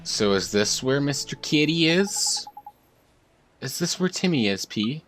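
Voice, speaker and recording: A man's voice: mid-range voice, animated, measured pace, fairly bright tone, soft background music, voice pushed up. A man voicing an earnest, polite young boy hero, reading game dialogue aloud with eager questions.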